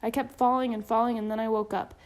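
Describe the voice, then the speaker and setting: A woman voicing a frightened little bear girl in a high, wailing child voice. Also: little pitch movement, fast talker, natural voice.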